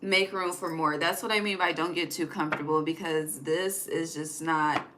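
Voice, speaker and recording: A woman's voice: low voice, fairly even intonation, normal speed, background noise. A young woman giving a casual tarot reading, chatty and profane, often laughing and trailing off mid-thought. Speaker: tarot reader.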